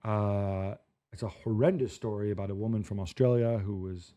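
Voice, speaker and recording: Male sports pundit, lower register and mellow; measured, filler-heavy panel talk. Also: highs cut off. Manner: thoughtful, hesitant with many fillers. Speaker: football analyst.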